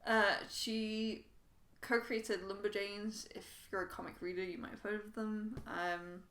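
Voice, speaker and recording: A woman's voice: little pitch movement, measured pace, fairly bright tone. Woman podcast cohost, chatty, laughs a lot, echoey room. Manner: chatty, laughing, goes high when quoting characters. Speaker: podcast co-host. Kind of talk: casual chat. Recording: roomy echo.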